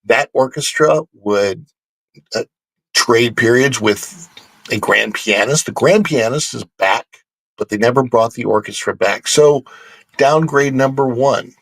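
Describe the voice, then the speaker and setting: A man hosting a casual theme-park news livestream, animated and joking as he talks to his chat. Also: mid-range voice, unhurried, dry recording.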